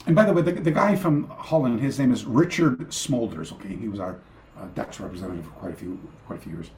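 A man's voice: mid-range voice, quick pace, darkish tone, echoey room, slight background noise. A man, a karate master and podcast guest, telling anecdotes in a rambling way, often stopping and restarting. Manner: rambling, self-interrupting, many fillers and restarts. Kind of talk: anecdotal storytelling in a remote interview. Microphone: video call.

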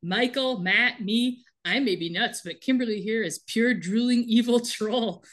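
A woman's voice: on the high side, a little slow, a bit bright. A woman doing an unhinged accusing young woman. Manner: accusing, mocking.

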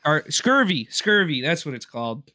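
A man's voice: on the high side, very animated, normal speed, a crowd in the background. A man in crude, joking banter with friends. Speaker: gamer chatting with friends. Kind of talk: casual chat.

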